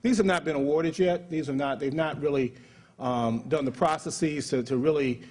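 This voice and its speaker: American man giving a halting conference talk. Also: a little high, darkish tone. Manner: conversational lecturing with many fillers and restarts. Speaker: public health executive giving a conference talk. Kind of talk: conference speech.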